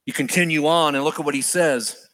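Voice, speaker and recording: Animated male preacher, high and bright-toned, sermon delivery. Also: brisk. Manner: animated, acts out quoted prayers with swings in pitch and volume.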